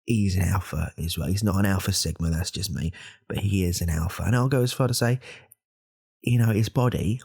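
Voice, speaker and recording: A man's voice: a little fast, a little mellow, heavily acted. A man, voicing a self-important, insecure male podcaster in a whispered role-play who rambles and corrects himself. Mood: hushed. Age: 30s. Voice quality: gravelly, husky low voice. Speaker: podcast host.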